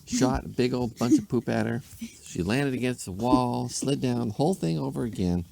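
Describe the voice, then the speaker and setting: A man's voice: mid-range voice, very animated, moderate pace, gravelly, darkish tone, slight background noise. A man, a dad, rambling playfully through an improvised bedtime story. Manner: rambling, playful, with silly asides.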